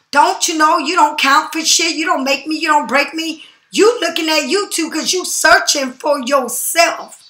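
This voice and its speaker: Woman, bright sharp voice, profane confrontational rant, slow emphatic stresses. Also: high-pitched, echoey room. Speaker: tarot reader. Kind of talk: angry rant to camera. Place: home.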